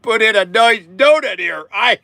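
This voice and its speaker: High, bright-voiced older man rambling. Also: animated, normal speed, creaky. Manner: rambling, self-interrupting, chuckling. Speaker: shop owner and show host. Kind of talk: rambling live chat. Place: shop.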